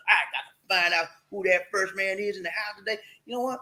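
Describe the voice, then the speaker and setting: This is a man, hosting a casual motivational talk. His voice sits a touch high and sounds bright. He teases and preaches by turns, now and then singing or chanting a line. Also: lively intonation, a little fast, hardly any pauses, rough recording. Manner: playful, preachy, sings and chants lines. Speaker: host.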